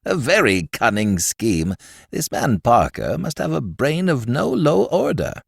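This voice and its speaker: A man's voice: mid-range voice, very animated, unhurried, gravelly, breathy edge, no room sound, studio quality, heavily acted. A man playing pedantic Professor Binstead. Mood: calmly admiring. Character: genial older male professor, calm and pedantic.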